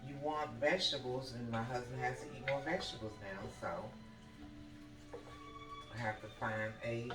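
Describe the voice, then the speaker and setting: A woman's voice: rumbling low, wildly swooping pitch, a little slow, long pauses. Chatty woman cooking in an echoey kitchen. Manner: chatty, keeps checking in with the viewer by asking "okay?". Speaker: home cook hosting a cooking video. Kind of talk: casual cooking demonstration. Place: home kitchen. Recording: echoey kitchen with background music.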